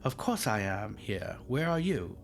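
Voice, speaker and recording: A man's voice: fairly low pitch, very animated, measured pace, gravelly, soft background music, full character voice. A haughty British princess ghost, voiced by a man, speaks down to the living as if to servants. Her manner is aloof and commanding, full of royal attitude.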